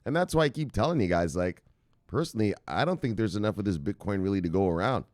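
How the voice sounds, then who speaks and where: Low-voiced, profane crypto news host. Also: male voice, lively intonation, quick pace, a little mellow, no echo, clean studio sound. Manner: loose, profane and chatty, laughs often. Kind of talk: casual news commentary. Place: at a computer.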